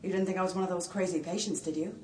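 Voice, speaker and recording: A woman's voice: fairly low pitch, steady tone, very fast, reverberant, distant mic, close to an everyday voice. A woman playing a timid, lonely young woman in a musical, speaking meekly and singing wistfully. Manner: meek, self-effacing, wistful. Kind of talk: musical theatre acting and singing.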